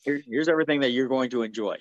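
A man's voice: medium pitch, racing, no echo, highs cut off. A man from the United States, a martial artist and stuntman, telling stories easily in a casual interview with lots of fillers. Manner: easygoing, filler-heavy storyteller.

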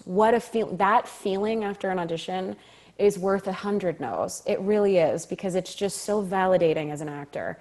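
With a medium-pitched voice, a woman actor shares a story as an interview guest, animated and quick to laugh while acting out the quoted lines.

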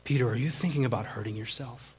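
A man voicing his caring sister, speaking softly and steadily. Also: mid-range voice, quick pace, breathy edge. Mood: gentle. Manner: soft, quiet, steady. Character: caring sister, calm and gentle.

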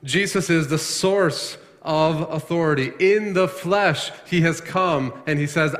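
A man's voice: a little high, a little slow, hardly any pauses, fairly bright tone. Preaching man in a reverberant hall. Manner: emphatic preaching with rhetorical questions, many restarts. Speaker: pastor. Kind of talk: sermon.

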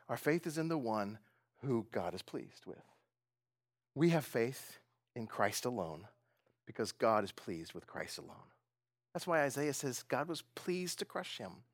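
A man's voice: fairly high pitch, no echo, clean studio sound. A man preaching a sermon, talking conversationally, asking the audience questions and often laughing. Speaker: pastor.

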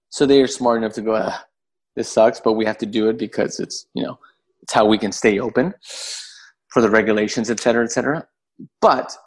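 Animated, cursing man telling a story. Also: mid-range voice, creaky, slightly rough. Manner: animated, profane, acts out voices in his story. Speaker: podcast guest. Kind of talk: casual storytelling.

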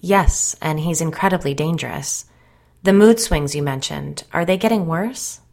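A woman voicing a grave, measured paranormal expert. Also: low voice, vocal fry, darkish tone. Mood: serious. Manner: serious, measured and firm. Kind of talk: audiobook character reading.

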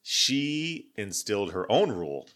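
Animated, lively-voiced man telling a story. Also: fairly low pitch, measured pace. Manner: animated storyteller, acts out voices in quotes, swears freely. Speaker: podcast co-host. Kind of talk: casual storytelling chat.

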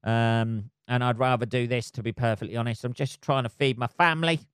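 A man's voice: mid-range voice, steady tone, a little fast, clear, resonant tone, dry recording, studio quality, close to an everyday voice. A man voicing a weary male British soldier on street duty, plain-spoken and resigned.

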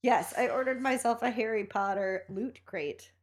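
A woman's voice: fairly high pitch, moderate pace. A woman co-hosting a podcast who chimes in with wry, joking remarks and laughs often. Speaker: podcast co-host. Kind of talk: casual podcast banter.

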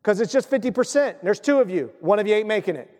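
A man preaching a sermon in a lively, conversational way, breaking into playful acted asides. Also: high voice, quick pace, long reverb tail. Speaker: pastor.

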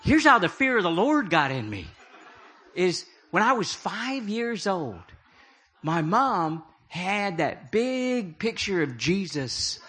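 A man's voice: high-pitched, sing-song, slow, sharp tone, breathy edge. A middle-aged man preaching a humorous sermon, telling stories with jokey, self-deprecating asides. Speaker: prophetic speaker.

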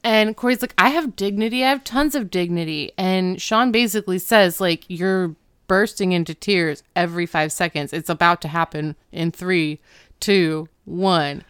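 A woman's voice: fairly low pitch, moderate pace, fairly bright tone, smooth, dry recording, studio quality. A young adult woman co-hosting a podcast, chatting casually and retelling TV scenes in quoted voices. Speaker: podcast co-host. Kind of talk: casual chat recapping a TV episode.

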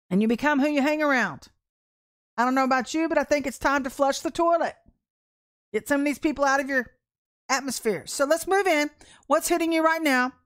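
A woman minister delivers a casual prophetic sermon in a high-pitched voice. She is emphatic, repeats her key phrases, and often clears her throat.

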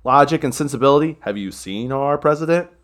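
A young man co-hosting a casual comedy podcast, talking in a sarcastic, rambling way and ranting with sudden loud bursts. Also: mid-range voice, fairly quick. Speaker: podcast co-host.

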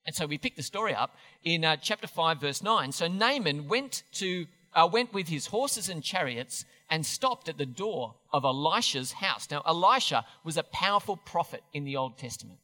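A man's voice: a little high, animated, moderate pace, hardly any pauses, sharp tone, long reverb tail. A man preaching a sermon in a church, chatty and self-deprecating, often restarting his sentences. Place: church hall.

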